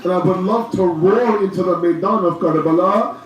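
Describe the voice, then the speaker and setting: A man's voice: high voice, moderate pace, faint music behind. A man giving a mournful majlis sermon, telling the story with passion and swelling into cries. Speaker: majlis speaker. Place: large mourning hall. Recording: very echoey hall from far off.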